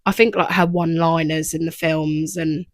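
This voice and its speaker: A woman's voice: sits low, fairly even intonation, normal speed. A young woman co-hosting a podcast, chatting casually and rambling with lots of fillers. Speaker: podcast co-host. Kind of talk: casual chat.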